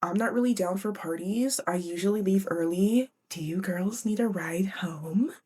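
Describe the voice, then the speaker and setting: A woman's voice: medium pitch, normal speed, dark tone, breathy edge, close to an everyday voice. A woman voicing an easygoing teenage boy from a classic novel, retold in casual modern slang and her own voice. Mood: coaxing. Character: easygoing teenage boy asking a girl to dance.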